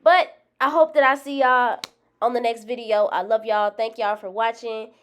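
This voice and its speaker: A woman hosting a reaction video, exclaiming loudly and chatting to her viewers as y'all. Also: fairly high pitch, fairly even intonation, normal speed, clean tone. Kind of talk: casual reaction commentary.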